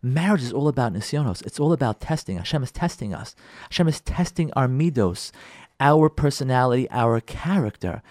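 Speaking fairly quickly in a medium-pitched voice, a middle-aged man who is a rabbi and marriage counselor gives a talk on marriage. With emphasis and repetition he speaks straight to his audience, animatedly playing out spousal arguments as dialogue. The recording is dry and studio-clean.

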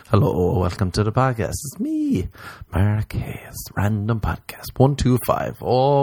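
A man's voice: medium pitch, sing-song, measured pace, vocal fry, a little mellow, dry recording. A man hosting his own podcast, rambling, swearing and mocking himself in casual comic chat. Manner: profane, self-mocking, rambling. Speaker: podcast host.

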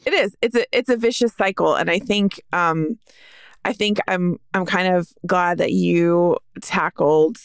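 A woman's voice: lowish voice, unhurried, vocal fry, clean tone, dry recording, clean studio sound. A female podcast co-host, a practice management consultant, speaking earnestly and casually.

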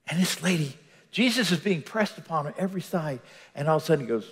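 A man preaching a sermon with animation, acting out scenes and dropping to hushed tones between louder lines. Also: a little high, brisk. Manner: animated, acts out Bible scenes with voices, swings between loud and hushed. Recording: reverberant hall.

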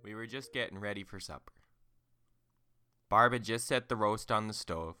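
A man's voice: lowish voice, moderate pace, bright, forceful tone, clean tone, dry recording. A middle-aged man from Minnesota, hosting a podcast and telling a story in a rambling, folksy way full of fillers.

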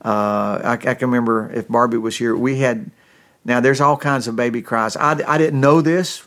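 A middle-aged man preaching a sermon in a middle-pitched voice. He tells the story in a folksy, homespun way, often restarting his sentences. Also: steady tone, moderate pace, fairly bright tone. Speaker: pastor.

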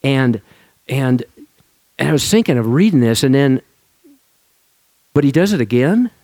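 A male pastor giving a relaxed, conversational sermon to his congregation. He talks informally with frequent restarts and laughs. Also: mid-range voice, measured pace, no echo.

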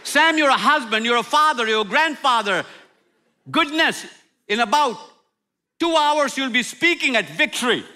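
A middle-aged man preaching a sermon with humor, swinging from loud outbursts to near-whispers. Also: very high voice, normal speed. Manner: animated, humorous preaching with sudden loud and soft turns. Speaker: pastor.

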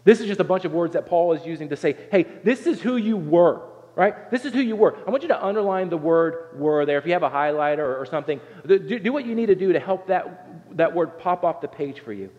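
Speaking fast with barely a pause, this man has a slightly mellow, higher-leaning voice. He's a pastor from Southern Ohio giving a sermon in an earnest, chatty way, restarting phrases and often breaking off to ask "right?" Long hall reverb trails over a dull-sounding recording.

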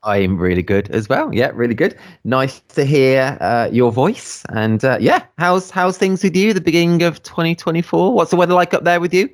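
Chatting informally with a guest, a man hosting a podcast comes across as enthusiastic and effusive. His voice is a little high, and he speaks at a moderate pace with few pauses.

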